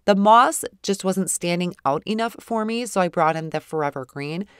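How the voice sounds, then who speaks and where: A woman with a smooth, slightly low voice talks through a craft demonstration, her nose stuffed up from a cold. She explains each step in a relaxed, conversational way and sometimes trips over a word. The recording is close and dry, with no room sound. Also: moderate pace, dry recording. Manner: relaxed, explanatory, occasional stumbles over words. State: congested from a cold. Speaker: craft tutorial presenter.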